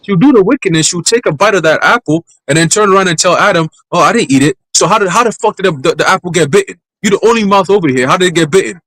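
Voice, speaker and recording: A man's voice: high voice, very fast, few pauses, fairly bright tone, no room sound, rough recording. A man talking bluntly and profanely in a casual group chat. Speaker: discussion participant.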